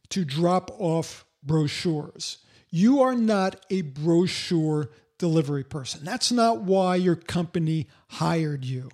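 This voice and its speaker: A man's voice: sits high, darkish tone. An older man with white hair giving blunt, emphatic sales coaching in a podcast monologue.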